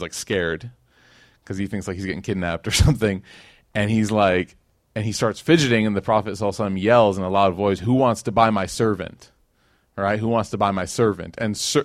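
Speaking in a lowish voice, this Chicago man teaches Islam through a relaxed sermon, weaving in slang-filled stories and voicing the characters' lines. The sound is dry and studio-clean.

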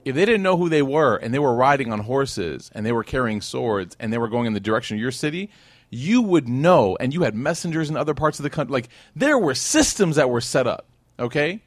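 Animated male lecturer, dry sound. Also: fairly high pitch, dry recording. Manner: animated, with rhetorical questions to the crowd; acts out quoted people. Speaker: religious teacher. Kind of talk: storytelling lecture to a live audience.

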